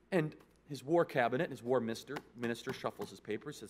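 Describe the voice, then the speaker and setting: A man's voice: medium pitch, brisk, breathy edge. A man giving a speech, telling a dramatic anecdote theatrically and building to a rousing close.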